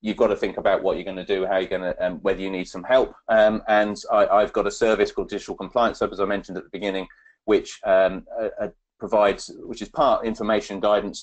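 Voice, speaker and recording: A man's voice: lowish voice, fairly even intonation, fast talker, dull audio. A man presenting a webinar on data protection, talking with many ums and restarts as he answers audience questions.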